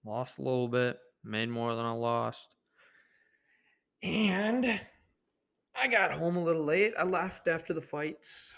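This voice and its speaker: Gravelly, profane young man telling stories. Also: fairly high pitch, fairly bright tone. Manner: rambling, profane, laid-back. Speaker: podcast host. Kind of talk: casual storytelling monologue.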